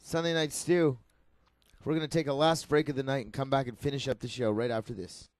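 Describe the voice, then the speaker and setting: A man's voice: medium pitch, fairly even intonation, fairly quick. A man hosting a radio show, joking and teasing his guests. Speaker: host.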